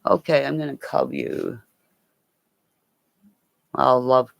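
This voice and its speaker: A woman's voice: rumbling low, steady tone, slow, creaky, no room sound. A woman rambling and swearing in a casual livestream chat with her viewers, laughing often.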